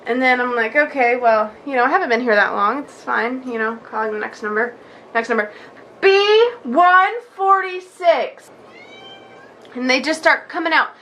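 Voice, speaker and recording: Young woman, vlogger, chatty storytelling, high pitch, bright tone. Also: fairly quick, a little hiss or hum. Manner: chatty, animated, acts out quotes with many likes. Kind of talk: casual storytelling vlog.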